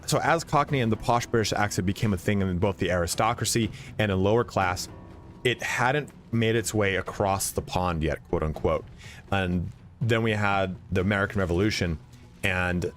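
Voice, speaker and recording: Deep-voiced man rambling casually. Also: fairly bright tone. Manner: rambling, profane, lots of fillers and restarts. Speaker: game streamer. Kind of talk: casual chat while playing. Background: faint game music.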